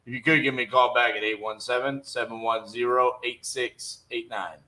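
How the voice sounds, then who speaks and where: A man's voice: medium pitch, fairly even intonation, moderate pace, sharp tone, poor audio. A young man in casual livestream talk, blunt and conversational, with frequent fillers, between cold calls to sellers. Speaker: real estate wholesaler.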